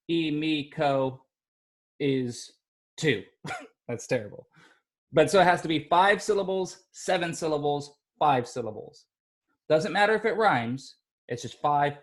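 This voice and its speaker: A male elementary school teacher leading a class of young children, upbeat and encouraging, sounding out syllables slowly. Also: fairly high pitch.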